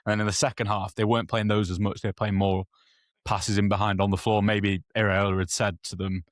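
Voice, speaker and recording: A man's voice: fairly low pitch, level tone, fairly quick, no room sound, studio quality. A man co-hosting a football podcast, talking through match tactics at length in a rambling, self-correcting way. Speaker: podcast co-host. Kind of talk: casual football analysis.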